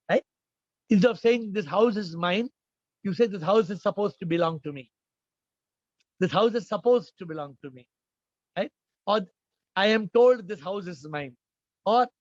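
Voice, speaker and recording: High-voiced man giving emphatic spiritual answers. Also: no room sound, highs cut off. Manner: repetitive, emphatic, questioning the audience. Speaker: spiritual teacher answering questions. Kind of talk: informal spiritual Q&A talk.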